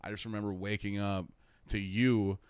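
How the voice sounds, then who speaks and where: A man's voice: fairly low pitch, flat delivery, moderate pace, smooth, no echo. A young man telling a rambling story in casual chat, swearing constantly and laughing through his own stories.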